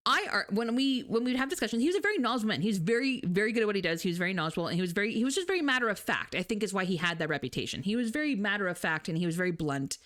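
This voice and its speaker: Lively young woman streamer. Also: mid-range voice, racing. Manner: animated storyteller, laughs often. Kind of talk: casual chat with live chat.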